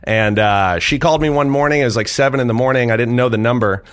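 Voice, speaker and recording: A man in his thirties spins a long personal story for a podcast. His talk is loose and rambling, packed with "like" and "uh", and he breaks into quick laughs at himself. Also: medium pitch. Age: 30s. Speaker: podcast guest. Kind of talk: casual storytelling.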